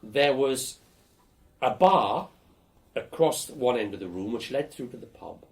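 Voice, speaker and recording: An older man being interviewed for an oral history, telling lively, blunt stories about his student days. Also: medium pitch, a little slow. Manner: lively storyteller, animated and blunt, swears casually.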